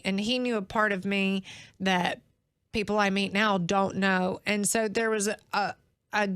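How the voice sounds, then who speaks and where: A woman's voice: mid-range voice, a bit bright, clean tone, dry recording. Tearful woman podcaster, dry sound. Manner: emotional, halting with restarts. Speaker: podcast host. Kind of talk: personal podcast monologue.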